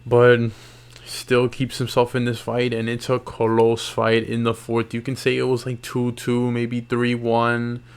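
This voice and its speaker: A tired MMA YouTuber recaps fights late at night in loose, slangy, casual talk, yawning and restarting his sentences. His mid-range voice is smooth and monotone, and he speaks a little slowly.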